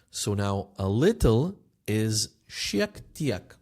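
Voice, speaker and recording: A man teaching a language lesson, patiently repeating phrases slowly for learners. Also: fairly low pitch, big pitch swings, a little mellow.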